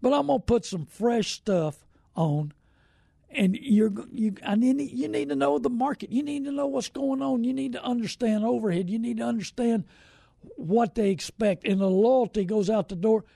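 A man's voice: very high-pitched, normal speed, vocal fry, mellow, breathy edge, dry recording, studio quality. A middle-aged man, hosting a car-buying show in a casual, rambling, folksy way and greeting viewers by name. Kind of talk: casual live-stream talk.

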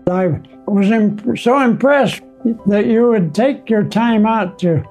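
An elderly man speaks in a low, mellow voice at a very slow, unhurried pace. He pauses and restarts as he reflects on his memories. Soft music plays behind him. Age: older. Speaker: nursing home resident. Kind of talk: interview recollection. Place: assisted living center.

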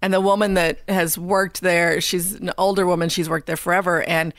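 A woman co-hosting a casual radio chat, chatty and quick to laugh. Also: fairly low pitch, level tone, dry recording, studio quality. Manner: chatty, laughs, mimics others. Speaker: radio show co-host.

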